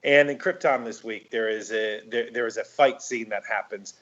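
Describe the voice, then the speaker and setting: A man's voice: fairly low pitch, moderate pace, fairly bright tone, lo-fi sound. A man co-hosting a movie podcast, talking in a rambling, hesitant way with lots of restarts. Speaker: podcast co-host. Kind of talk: casual chat.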